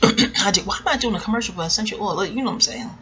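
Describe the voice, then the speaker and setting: A woman with a bright, forceful voice rambles through a casual TV episode review. She jokes, swears freely and drifts into asides. Her pitch sits in an ordinary middle range for a woman. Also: racing. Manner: rambling, scattered and joking, with frequent asides. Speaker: TV recap vlogger.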